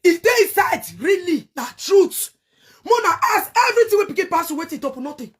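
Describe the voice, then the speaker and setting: A middle-aged Nigerian woman hosting her online show, angrily cursing and shouting in bursts as she rants to her viewers. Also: very high-pitched, expressive, quick pace. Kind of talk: heated rant to viewers.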